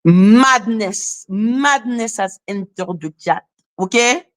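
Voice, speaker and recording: A woman hosting a commentary channel, ranting bluntly in a heated, profane, animated casual style. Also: mid-range voice. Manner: blunt, profane, animated, rapid repeated questions.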